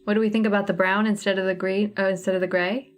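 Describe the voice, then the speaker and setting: A woman hosts a relaxed cross-stitch livestream, chatting with viewers and thinking out loud as she sorts floss colors. Her mid-range voice is flat, and she talks fast.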